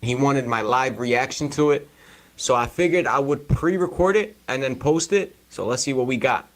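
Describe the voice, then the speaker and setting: A man shouting hyped slang as he reacts to a church clip, in a pre-recorded reaction video. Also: medium pitch, normal speed, a little hiss or hum. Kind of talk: excited reaction commentary. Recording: played clip with loud music and crowd.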